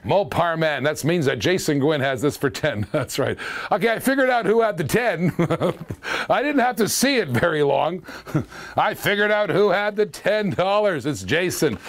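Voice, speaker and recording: A man's voice: a little high, very animated, a little slow. A man hosting a live-streamed auction, calling bids with repeated catchphrases, chatting to viewers and chuckling often.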